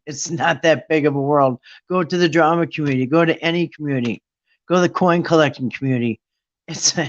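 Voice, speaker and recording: A man's voice: a little high, a bit bright, lo-fi sound. A man hosting a casual live stream, talking in an indignant, mocking way and rambling with restarts. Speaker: livestream host.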